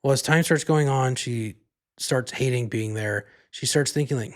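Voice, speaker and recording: A man's voice: mid-range voice, moderate pace. Rambling, profane male podcast host. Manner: rambling, profane, heavy use of "like" and "you know". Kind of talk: casual movie review monologue.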